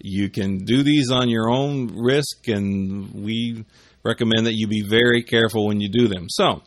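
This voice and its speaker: A man's voice: lowish voice, fairly even intonation, normal speed. A man hosting a podcast, telling stories in casual chat and mimicking voices. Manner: chatty storyteller who mimics voices. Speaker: podcast host.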